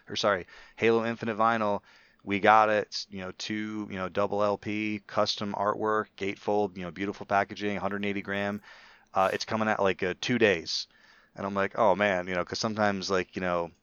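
Low smooth-voiced guy rambling on a podcast, lots of restarts, bit muffled and dry. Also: fairly bright tone, no room sound. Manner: chatty, rambling with many restarts. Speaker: podcast co-host. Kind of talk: casual chat.

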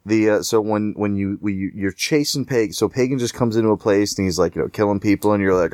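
A man's voice: fairly low pitch, quick pace, hardly any pauses, darkish tone, no echo, clean studio sound. A man chatting casually about a video game, rambling with many fillers and restarts. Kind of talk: casual gaming chat.

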